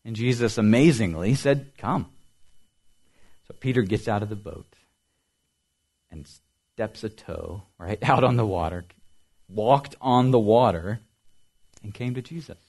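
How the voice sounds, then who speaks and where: A man preaching a sermon as pastor, building to loud emphasis and dropping to soft, quiet lines, often repeating and asking questions. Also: lowish voice. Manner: dynamic preaching, swings from loud emphasis to soft near-whispers.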